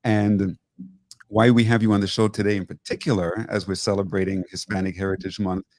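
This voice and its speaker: A man in his fifties hosts a television interview, often restarting and repeating his phrases as he goes. His voice sits fairly low, and the recording is dry and close. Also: little pitch movement, brisk, dry recording. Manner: warm, repetitive phrasing with many restarts. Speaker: host.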